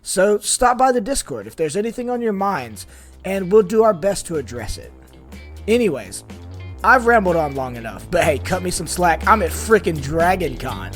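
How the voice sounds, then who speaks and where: An upbeat young man opens his tabletop gaming podcast with a chatty scripted intro. His voice sits a little high and swings around a lot, full of enthusiasm. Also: big pitch swings, moderate pace, a bit bright, soft background music. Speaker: podcast host.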